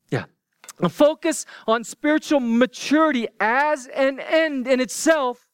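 A man with a notably high voice preaches to his church in a relaxed, chatty way. He lets some lines sink to a hush. The sound is dry and close. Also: no echo. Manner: conversational, dropping to hushed whispers for emphasis. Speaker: pastor. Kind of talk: sermon.

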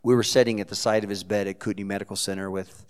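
A man from Texas, a pastor preaching a sermon, telling a story in a heartfelt way that swings from quiet to loud. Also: lowish voice, flat delivery, racing, clear, resonant tone.

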